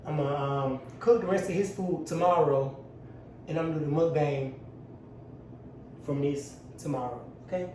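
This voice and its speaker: Stressed while cooking at home, this male vlogger chats casually with his audience in a profane, jokey, offhand style. He speaks at a moderate pace with long pauses, in a fairly high voice with a darkish tone. The room echoes, the mic is far away, and a slight hiss or hum runs underneath.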